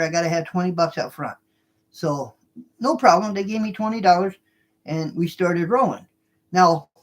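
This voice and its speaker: A former cab driver casually telling a story to truckers. The speaker talks in an animated way, repeating lines and restarting sentences. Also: mid-range voice. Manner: animated, repeats lines and restarts while retelling a tense event.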